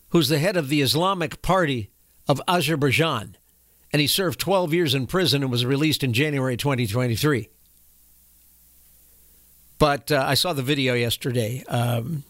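A man's voice: on the high side, a bit bright, dry recording, clean studio sound. A man hosting an opinionated political commentary show, folksy and indignant, reading posts aloud between filler-laden asides.

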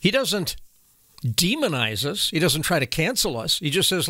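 A man's voice: a little high, big pitch swings, normal speed, sharp tone, no room sound, clean studio sound. A man hosting an opinion commentary, speaking in a blunt and emphatic way. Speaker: commentary host.

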